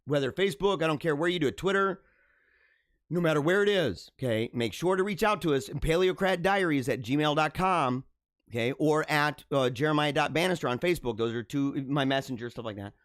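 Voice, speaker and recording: A man's voice: on the high side, fairly quick, a bit bright, dry recording, clean studio sound. A man hosting a livestream, talking in a casual, mocking, theatrical way and laughing at his own jokes. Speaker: livestream host. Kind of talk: casual live commentary.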